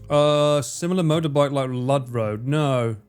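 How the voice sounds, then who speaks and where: A man's voice: mid-range voice, measured pace, darkish tone, clean tone, soft background music. A man from the UK, chatting casually on a gaming livestream, joking, swearing freely and laughing a lot. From United Kingdom.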